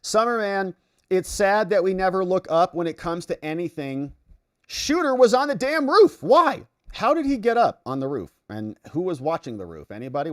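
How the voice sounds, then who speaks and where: A man from the United States hosting a political commentary livestream, reading viewer chat aloud and reacting. He swings between excited outbursts and low mutters. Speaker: livestream host.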